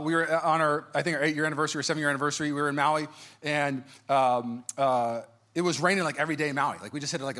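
A man in his thirties preaching a sermon, telling personal stories with jokes and acting out quotes in a put-on voice. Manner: animated, jokey, acts out quotes in high-pitched voices. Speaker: pastor.

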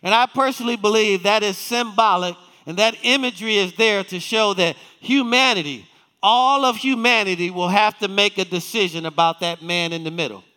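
A male pastor with a high, pushed, bright voice that rings clear and resonant preaches in a large church sanctuary. He questions the congregation and reads scripture, stressing the quotes and slowing them down.

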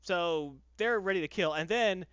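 A man's voice: high voice, normal speed, a bit bright, clean tone, no room sound, highs cut off. A man reviewing a comic book in casual podcast chat, with sarcastic, exasperated ranting.

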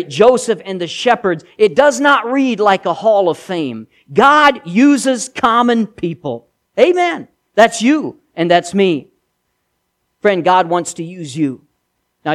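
Pastor, male, higher voice, preaching with emphatic repeated refrains. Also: fairly bright tone. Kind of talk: sermon.

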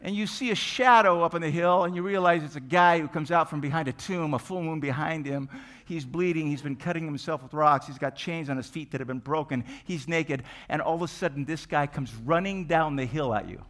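A man preaching a sermon, retelling a Bible story with lively, animated storytelling and acted-out scenes. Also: on the high side, fairly quick. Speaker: pastor.

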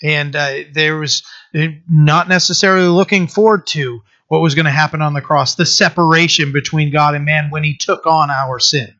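Halting, bright-voiced male preacher. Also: on the high side, steady tone. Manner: halting, many fillers and restarts. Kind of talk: sermon with scripture reading. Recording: dull lo-fi recording.

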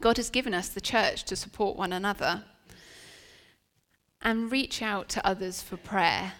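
A woman's voice: medium pitch, measured pace, fairly bright tone. A woman preaching a sermon in a church venue, telling a personal story in an earnest, chatty way with frequent restarts. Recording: long reverb of a church hall.

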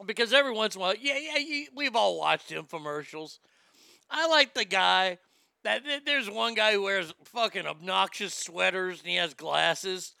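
Profane, bright-voiced man ranting. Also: sits high, expressive, moderate pace, vocal fry, clear, resonant tone, no echo, studio quality. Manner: profane, mocking, rambling. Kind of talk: comedic rant.

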